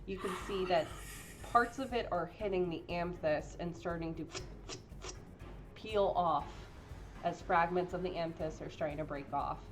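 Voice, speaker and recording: A woman's voice: fairly low pitch, moderate pace, over music, rough recording. A woman running a tabletop game as game master, narrating the action and encouraging her players. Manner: encouraging, laughs often.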